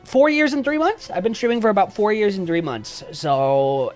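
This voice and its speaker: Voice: mid-range voice, expressive, normal speed, few pauses, soft background music. A livestreamer chatting casually with viewers, joking and launching into profane mock rants. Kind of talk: casual live-stream chat.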